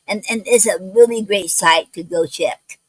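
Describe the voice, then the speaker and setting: A woman hosting a poetry livestream, talking in a halting way with many restarts, spelling out words letter by letter, some words not coming out clearly. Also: mid-range voice, no room sound, poor audio. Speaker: poetry show host. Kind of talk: casual livestream talk. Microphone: home livestream mic.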